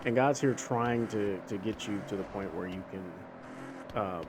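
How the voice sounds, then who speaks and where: A man's voice: on the low side, moderate pace. A young man hosting a gaming video, talking casually and earnestly about faith while he drives, full of restarts and fillers. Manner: rambling and conversational, with many restarts and fillers. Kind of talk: casual chat while playing a driving game. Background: faint car engine and road noise from a game.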